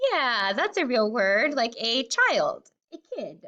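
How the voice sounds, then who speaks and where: A woman's voice: on the high side, sing-song, takes it slowly, few pauses, pushed and bright, lo-fi sound. A woman teaching kindergarten children a phonics lesson, sounding out words one sound at a time.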